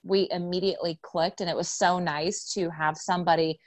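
A woman's voice: lowish voice, steady tone, a little fast, no room sound. Effusive woman hosting a podcast. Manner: effusive, gushing praise. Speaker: podcast host. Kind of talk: spiritual podcast conversation.

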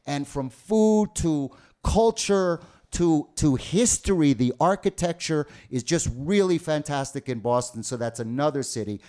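A man's voice: on the high side, expressive, unhurried, mellow. A man from the United States co-hosting a podcast, talking casually with many fillers and restarts. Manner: rambling, full of fillers and restarts. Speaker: podcast co-host. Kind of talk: casual bilingual podcast chat.

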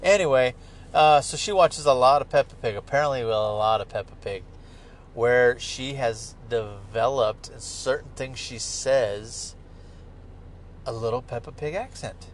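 A man's voice: medium pitch, unhurried. A middle-aged man hosting a podcast, talking in a casual, profane, joking ramble from inside a moving car. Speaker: podcast host. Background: car and traffic noise.

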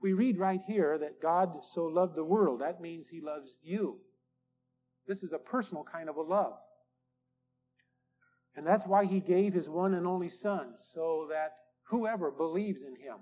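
An older man preaching a sermon, slow and emphatic, drawing out the key words. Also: high-pitched, darkish tone. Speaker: pastor. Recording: old sermon tape recording.

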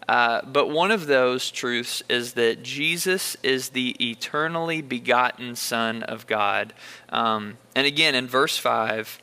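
Bright, smooth-voiced man leading Bible study. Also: mid-range voice, takes it slowly. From Bullitt County, Kentucky. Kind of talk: casual Bible study conversation.

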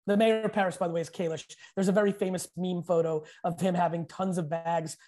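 A man hosting a casual chat, bluntly opinionated and quick with banter. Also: high voice, steady tone, warm tone. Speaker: host.

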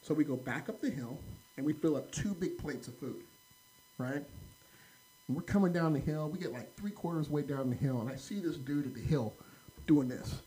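A man's voice: on the high side, normal speed, rough recording. An American man telling a rambling story in casual podcast chat, full of "like" and "right?" fillers. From United States. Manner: animated anecdote-telling, heavy "like" and "right?" fillers.

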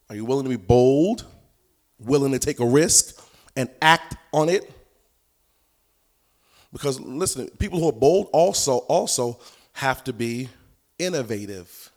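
Animated man preaching a teaching sermon. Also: mid-range voice. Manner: animated, punchy repetition, rises to shouts and sung phrases; folksy colloquial delivery. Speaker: prophetic ministry teacher.

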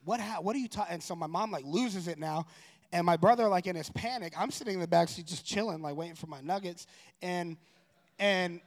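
A man telling a personal story in a casual, rambling way, correcting himself and growing animated. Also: sits high, fairly quick. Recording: long room reverb.

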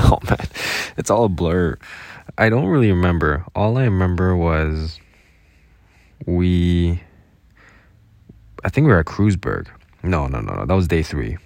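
A man's voice: sits low, expressive, unhurried, long pauses, darkish tone, no echo. A young man casually recounting his travels as a vlogger, rambling and correcting himself with many fillers. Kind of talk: casual spoken travel diary.

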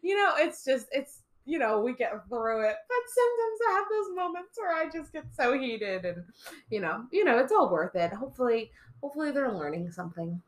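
A woman's voice: sits high, very animated, fairly quick. Chatty young woman teacher telling stories. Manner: chatty storyteller, acts out voices and swears for laughs. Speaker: teacher and podcast co-host. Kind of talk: casual podcast chat.

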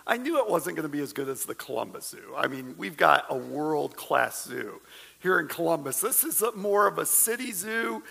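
A middle-aged man, a pastor, preaching a sermon with animated storytelling and humorous asides, recorded in a church sanctuary with long reverb. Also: high-pitched, vocal fry.

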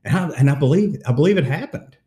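Casual male co-host, mellow voice, lively storyteller, echoey room. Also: fairly high pitch, quick pace. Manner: animated storyteller, acts out quotes. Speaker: podcast co-host. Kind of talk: casual sports chat.

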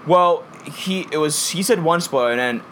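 Young male co-host, higher pitch, rowdy and profane storyteller, off-the-cuff. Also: normal speed, a bit bright, a little hiss or hum. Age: young adult. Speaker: podcast co-host. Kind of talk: casual chat.

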